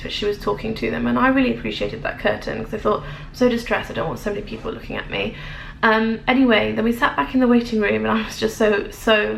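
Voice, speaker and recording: A young woman with an English accent shares a personal story in a vlog, her voice carrying a gravelly fry. She hesitates and restarts often, speaking with open emotion. The room sounds echoey, with a faint hiss of noise behind her. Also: medium pitch. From England. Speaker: vlogger.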